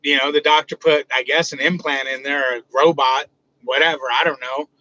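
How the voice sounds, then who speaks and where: A man's voice: mid-range voice, fairly even intonation, moderate pace, sharp tone, no room sound, dull audio. Joking man chatting live from his truck. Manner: loose, joking, talks back to chat. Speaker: livestream host. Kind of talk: casual live chat.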